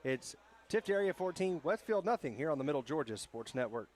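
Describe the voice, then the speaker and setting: A man doing brisk play-by-play commentary on a high school football game. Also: sing-song, darkish tone. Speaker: play-by-play announcer. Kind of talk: sports commentary.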